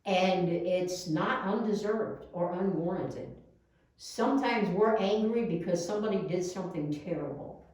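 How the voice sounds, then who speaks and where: A woman leading a non-religious service, giving slow, soothing guidance with emphatic repetition. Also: on the low side, a little mellow. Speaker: service leader. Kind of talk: sermon on mindful walking. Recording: echoey room, distant mic.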